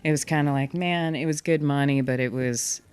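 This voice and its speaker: Frank woman guest with a smooth voice. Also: low-pitched, normal speed, dry recording. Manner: relaxed, frank, swears casually. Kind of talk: casual chat.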